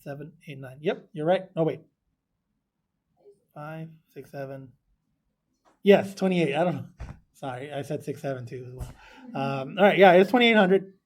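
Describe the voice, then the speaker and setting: A man's voice: fairly high pitch, normal speed, long pauses. A male math teacher giving a chatty classroom lesson, often asking the class questions and wandering off on tangents. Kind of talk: classroom lesson, recorded for video. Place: classroom with students.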